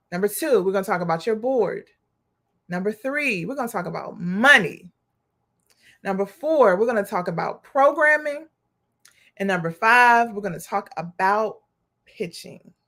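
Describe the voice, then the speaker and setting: A woman's voice: mid-range voice, animated, moderate pace, long pauses, a bit bright. A young adult woman hosting a live coaching stream, talking straight to her viewers as "y'all" in a spirited, preachy way and cheering on their comments. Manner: reads viewer comments aloud and cheers them on. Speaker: nonprofit coach hosting a livestream.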